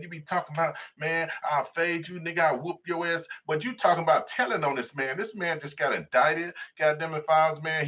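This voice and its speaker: A man gives casual commentary in a bright, forceful voice, mocking and swearing with emphasis. His voice sits a little high. The recording is slightly dull. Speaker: host and commentator.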